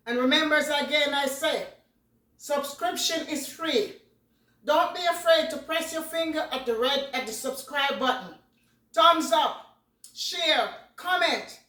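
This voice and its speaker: A woman's voice: high-pitched, a bit bright, distant mic. A woman chatting through a home cooking vlog, repeating herself and thanking her viewers. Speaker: cooking vlogger. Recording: echoey room, voice off-mic.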